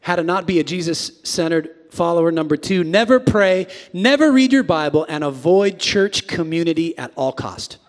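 A man in his forties delivers a lively sermon from the pulpit, dropping to a near hush and then bursting into shouts. His voice sits a bit higher than most men's. The sound rings out with the long reverb of a big sanctuary. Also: normal speed, few pauses. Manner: animated, swings from hushed to shouting. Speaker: pastor. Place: large church sanctuary.

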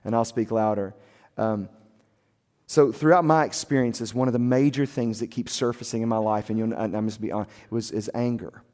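A soft-spoken man preaching a sermon as a pastor, telling his story in an earnest, confessional way. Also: on the low side, steady tone, normal speed. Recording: long hall reverb.

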